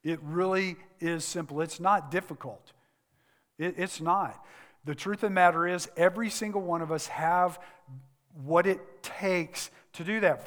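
Pastor preaching in a reverberant hall. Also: male voice, a little high. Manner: earnest, repeats phrases for emphasis, drops to a soft intimate tone. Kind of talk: sermon. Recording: long reverb of a large hall.

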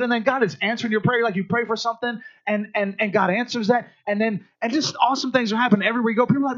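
A male pastor with a notably high voice delivers a sermon in a loose, conversational way. He keeps turning to the congregation with "right?" and restarts his sentences often. The recording sounds dull and lo-fi. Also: fairly even intonation, rapid-fire, hardly any pauses, fairly bright tone.

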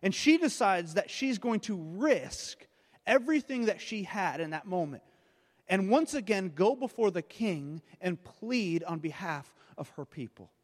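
A man's voice: sits high, expressive, measured pace. Man preaching a sermon in a reverberant hall. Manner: storytelling with frequent word repeats. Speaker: pastor.

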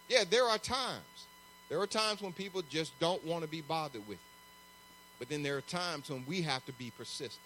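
Male pastor, high voice, lively preaching style, faint hum behind. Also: normal speed. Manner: animated, conversational preaching with acted-out asides. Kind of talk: sermon.

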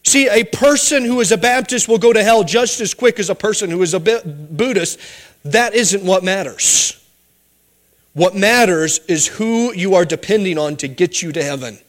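A man preaching a sermon, emphatic, his voice rising and then dropping low for stress. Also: normal speed. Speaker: pastor.

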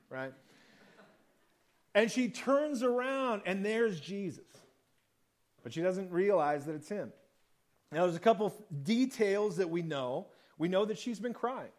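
High-voiced man preaching conversationally. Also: expressive, measured pace, pauses often, darkish tone. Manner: conversational preaching, acts out quoted lines. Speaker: pastor. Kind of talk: sermon.

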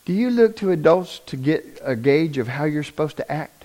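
High-voiced man preaching a sermon. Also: expressive, moderate pace. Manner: conversational preaching, rising to loud emphatic bursts; asks the congregation questions often. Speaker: pastor.

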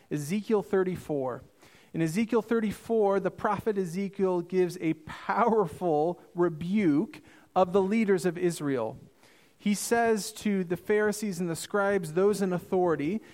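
A man preaching a sermon as pastor, earnest and emphatic, slowing down for quoted scripture. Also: high-pitched, darkish tone.

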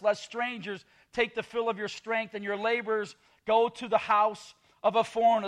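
A man's voice: sits high, fairly bright tone. A man preaching a sermon as pastor, with sarcastic asides and quoted scripture.

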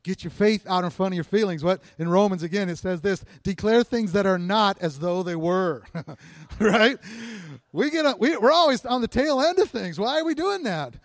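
A man's voice: sits high, lively intonation, normal speed, dry recording, studio quality. A man preaching a sermon in a church, talking casually with the congregation, asking questions and chuckling often. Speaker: pastor. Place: church sanctuary.

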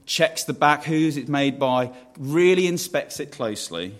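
A man's voice: fairly high pitch, animated, measured pace. A man preaching a sermon in a conversational way, putting questions to the congregation and restarting phrases as he goes. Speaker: pastor.

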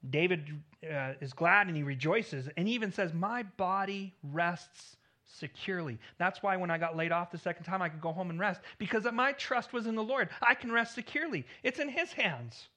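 A man delivers a sermon with a high, bright voice. He preaches earnestly, rising in volume on key points, then dropping soft at the ends of phrases, and he sometimes repeats a word as he restarts. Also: animated, fairly quick, few pauses. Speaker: pastor.

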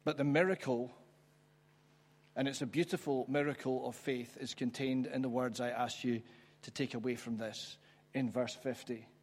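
A man preaching a sermon, reflective and conversational, pausing for emphasis. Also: mid-range voice, steady tone, darkish tone. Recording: church hall with long reverb.

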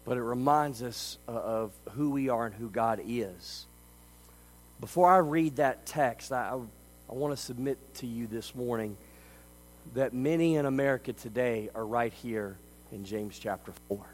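A man preaching a sermon as a pastor. He delivers it emphatically, swinging between quiet stretches and loud ones. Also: mid-range voice, unhurried, a little hiss or hum, poor audio.

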